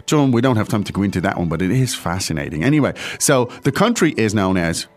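A man's voice: on the low side, sing-song, fast talker. A man hosting an audio language lesson, explaining phrases word by word in a playful way. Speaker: language teacher host. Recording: audio-only studio recording.

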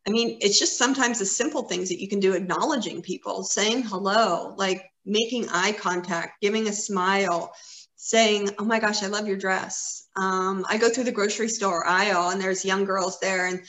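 A woman's voice: mid-range voice, fairly even intonation, moderate pace, fairly bright tone. Earnest woman in her fifties. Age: 50s. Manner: earnest, encouraging, rambling with fillers. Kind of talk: casual conversation. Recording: roomy echo.

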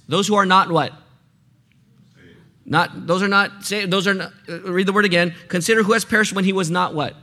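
Bright high-voiced man preaching. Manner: asks the listeners questions and fills in blanks. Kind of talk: sermon teaching.

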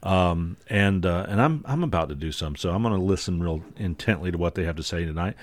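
A man's voice: low voice, expressive, brisk, no echo. A man hosting a podcast in casual chat, rambling and jokey with lots of fillers. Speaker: podcast host.

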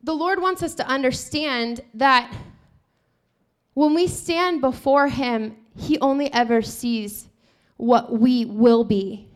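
A woman with a high voice preaches with animated energy. She retells a scripture story and acts out the dialogue herself, jumping between the voices. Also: slow. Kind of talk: sermon.

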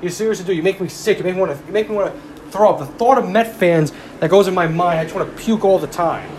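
Fast and high-voiced yet a little mellow, a young man delivers a casual, heated baseball rant full of swearing and jabs at rival fans. A little hiss or hum runs under the recording.

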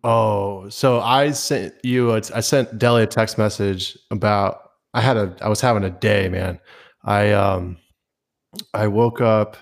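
A man's voice: lowish voice, steady tone, measured pace, gravelly. A young man co-hosting a podcast, telling a rambling story in an easygoing, casual way. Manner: easygoing, rambles through anecdotes with fillers. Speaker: podcast co-host.

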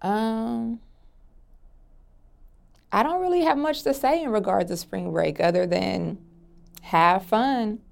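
A woman's voice: medium pitch, slow, gravelly, pauses often. A young woman from Atlanta answering interview questions in an easygoing way, laughing often. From Atlanta, Georgia. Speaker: interview guest. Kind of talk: relaxed sit-down interview answers.

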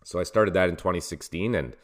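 A man who coaches soccer, calmly explaining his career as a guest in a casual interview. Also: deep voice. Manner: measured, explanatory.

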